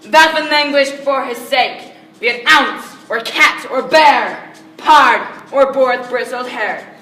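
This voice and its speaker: A commanding fairy king chants a spell slowly and deliberately, as a woman plays him. The voice is bright and high, heard far from the mic in an echoey space. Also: full character voice. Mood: incantatory. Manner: slow, incantatory chanting. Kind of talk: outdoor stage acting. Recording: distant echoey stage recording.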